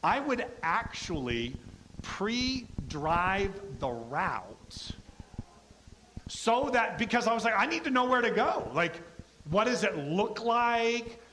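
A middle-aged man delivering a sermon in a chatty, animated style. His voice sits a little high and sounds bright and forceful. He often slips into quoted voices to act out scenes. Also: slow pace, a little hiss or hum. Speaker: pastor.

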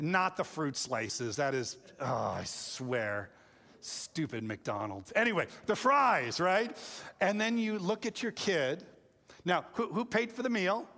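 A man preaching a sermon in lively storytelling fashion, acting out kids and parents along the way. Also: high-pitched. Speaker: pastor. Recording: long hall reverb.

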